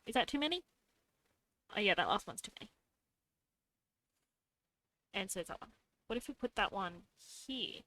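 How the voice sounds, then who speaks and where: This young woman's mid-range voice has a sharp, sing-song quality as she chatters to herself on a casual drawing stream. She speaks at a normal pace, leaves long pauses, and adds playful little sound effects.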